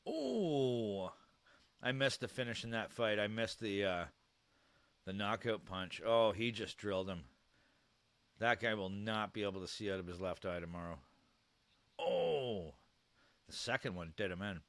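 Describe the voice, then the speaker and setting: A man's voice: on the low side, fairly even intonation, moderate pace, fairly bright tone, no echo. A Canadian man chatting casually and candidly, thinking aloud as he reacts live to a stream. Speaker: livestream reactor.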